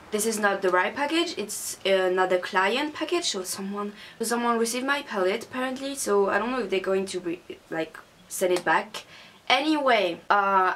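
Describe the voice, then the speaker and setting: A woman's voice: medium pitch, fairly bright tone, slight background noise. Angry young woman ranting to camera. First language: not English. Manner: angry, swearing rant. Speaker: beauty vlogger. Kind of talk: casual unboxing vlog.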